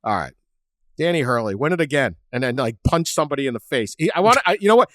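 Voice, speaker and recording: A man hosting a sports podcast, telling stories in a lively, chatty way and laughing often. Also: mid-range voice, quick pace, no room sound. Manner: animated storyteller, laughs often, acts out quotes. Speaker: podcast host. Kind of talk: casual sports chat.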